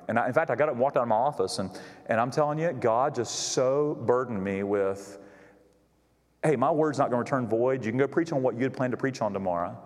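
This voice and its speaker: Male pastor, animated storytelling sermon, mid-pitched voice, long church-hall reverb.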